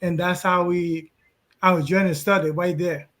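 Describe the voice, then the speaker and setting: Earnest high-voiced man. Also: level tone, a bit bright. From Haiti. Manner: hesitant, many pauses and fillers, earnest. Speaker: client and guest on a live call. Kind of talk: casual testimony on a video call. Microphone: video call.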